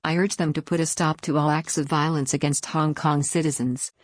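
A woman narrating a scripted news report in an even, formal read-out manner. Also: sits low, a little fast, no echo, clean studio sound.

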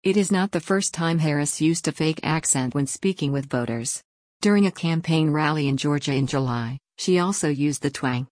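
A woman reading a written news article aloud in an even newsreader delivery, taking the text literally. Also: deep voice, moderate pace, no room sound, studio quality. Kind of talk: scripted news read-out.

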